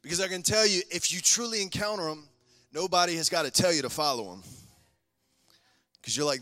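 Male pastor, high bright voice, passionate testimony, hall reverb. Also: fairly quick, long pauses. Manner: passionate testimony, swings between loud and hushed. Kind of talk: sermon.

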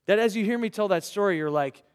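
A man preaching a sermon to young people, earnest and rhetorical, with dramatic pauses. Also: sits high, clean tone. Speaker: pastor. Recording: reverberant hall.

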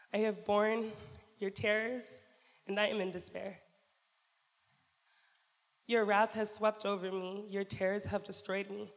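Woman pleading a psalm in a hall. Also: medium pitch. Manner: earnest, pleading delivery. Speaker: volunteer reader. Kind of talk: dramatic scripture reading. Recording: reverberant hall.

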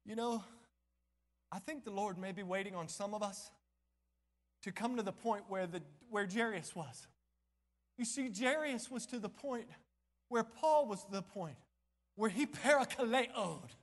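A man pastor preaching a sermon in a church, impassioned, swinging between shouting and near-whispering. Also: high-pitched, a little slow, pauses often. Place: church sanctuary. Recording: long church hall reverb.

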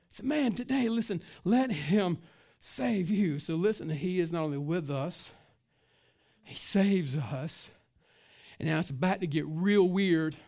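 A middle-aged man preaching a sermon as pastor, in a casual, emphatic way, often saying "man" and "listen", dropping to a hush and then rising loud, stretching key words. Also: a little high.

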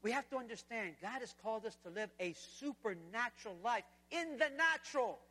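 Male preacher, high bright voice, animated sermon, long church hall reverb. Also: brisk. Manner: animated, swings between loud and hushed. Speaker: guest preacher. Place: church sanctuary.

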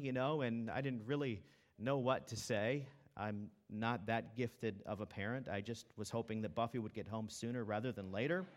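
A pastor telling a story, relaxed. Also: male voice, mid-range voice. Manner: conversational, storytelling with filler words. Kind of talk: sermon.

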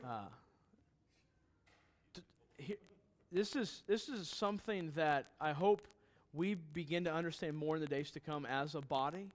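A middle-aged male pastor teaching a Bible passage in a relaxed, conversational way, with joking asides and questions to the congregation. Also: on the high side, a little slow.

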